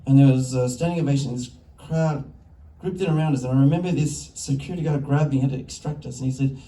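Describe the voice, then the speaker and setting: An Australian man who directs films talks fast with hardly a pause in a mid-range voice, telling lively stories that keep derailing themselves. He's onstage at a festival before an audience, and the distant mic picks up a lot of hall echo.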